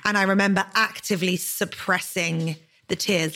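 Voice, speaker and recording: A woman's voice: fairly low pitch, steady tone, moderate pace, fairly bright tone. A woman in her thirties hosting a podcast, talking in a candid, earnest way about personal memories. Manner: earnest, candid, emotional storytelling. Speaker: podcast host. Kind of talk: podcast conversation.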